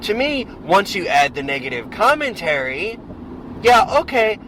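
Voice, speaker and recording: A man's voice: sits high, big pitch swings, a little slow, low-quality recording. A man co-hosting a podcast, talking casually and emphatically in a car, rambling through his opinions. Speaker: podcast co-host. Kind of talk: casual chat. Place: inside a car on the road. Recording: loud road noise in a car.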